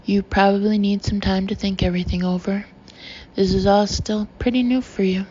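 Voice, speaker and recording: A woman voicing a gentle, heartsick young man who speaks quietly and earnestly in a measured way. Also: mid-range voice, steady tone, breathy edge, lo-fi sound, natural voice.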